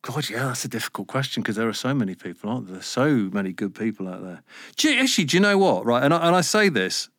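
A man in his fifties, a radio presenter, talking casually in an interview, lively and quick to swear and mimic others. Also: medium pitch, no room sound, clean studio sound. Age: 50s. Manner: animated, swears, mimics voices in anecdotes.

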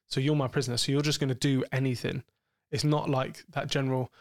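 A man's voice: mid-range voice, little pitch movement, fast talker, dry recording, studio quality. A man, co-hosting a podcast, talking frankly and explicitly about sex in a rambling way with many fillers. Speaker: podcast co-host.

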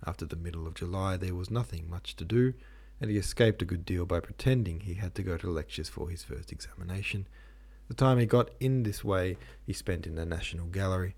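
Deep-voiced male audiobook podcaster. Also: darkish tone. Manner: casual, joking asides. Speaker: podcast host and reader. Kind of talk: reading a classic novel aloud.

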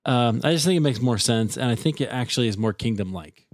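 A man's voice: mid-range voice, animated, quick pace, dry recording, studio quality. A man hosting a faith podcast in casual conversation, talking hesitantly and restarting his phrases often. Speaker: podcast host.

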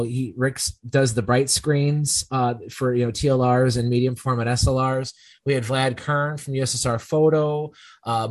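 A man's voice: mid-range voice, no room sound. A man hosting a casual podcast, telling stories in a rambling way and often correcting himself as he goes. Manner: rambling, self-correcting storyteller. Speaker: podcast host.

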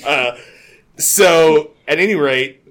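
A man co-hosting a casual podcast chat about a TV show, animated and laughing often as he acts out scenes. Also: on the high side, slow pace. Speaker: podcast co-host.

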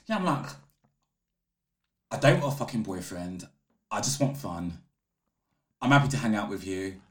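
A man's voice: on the low side, expressive, moderate pace, fairly bright tone, reverberant. A young man in a casual podcast chat, blunt and crude, laughing easily. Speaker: podcast co-host.

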